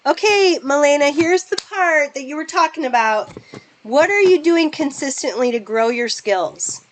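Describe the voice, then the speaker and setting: A woman with a somewhat high voice teaches a webinar for real estate agents. She fires off direct questions at her listeners and works through the numbers one step at a time. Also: rough recording. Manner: direct, asks the audience a string of questions. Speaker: real estate business coach. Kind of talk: webinar presentation.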